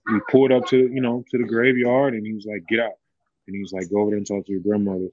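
A man with a low, grounded voice tells his story in an open, heartfelt way, padding his sentences with "you know." The recording is dry and close, a little dull and muffled. It sounds like a casual interview chat. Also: level tone, fast, no room sound. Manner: heartfelt, loose, many "you know" fillers. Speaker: former college basketball player, guest.

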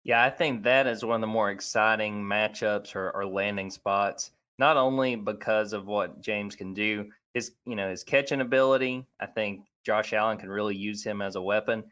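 A man's voice: on the low side, steady tone, fairly bright tone. Chatty man hosting a sports talk show. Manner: conversational, lots of fillers, lists names quickly. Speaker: sports podcast host.

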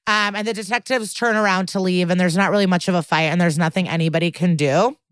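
A woman's voice: lowish voice, fairly even intonation, fast, dry recording. Chatty woman recapping with laughs. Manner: laughs often while retelling scenes. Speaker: podcast co-host. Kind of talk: casual recap chat.

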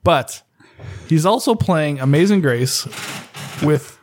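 A man hosting a podcast, ranting in loose casual chat and swearing constantly. His voice sits somewhat high for a man. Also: animated, slow pace, slight background noise. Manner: profane, ranting. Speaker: podcast host.

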